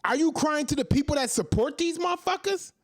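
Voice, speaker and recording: A man's voice: extremely high pitch, lively intonation, a little fast, no room sound. A man in his thirties hosting a commentary show, ranting in a heated, profane monologue full of repeated rhetorical questions. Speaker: commentary host.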